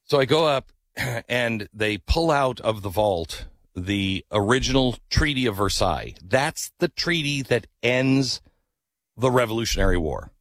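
A man hosting a talk radio show, telling a story in a casual, animated way and rising into incredulous outbursts. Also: mid-range voice, a little slow, no echo, clean studio sound.

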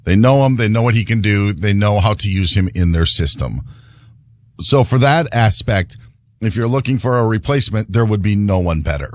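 Male analyst, lowish voice, dry studio sound, measured and level-headed. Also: animated, darkish tone, no room sound. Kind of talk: casual sports talk.

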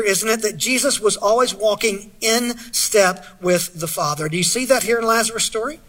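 Male pastor, higher pitch, bright husky tone, earnest sermon delivery. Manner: earnest, asks the audience questions, reads scripture aloud.

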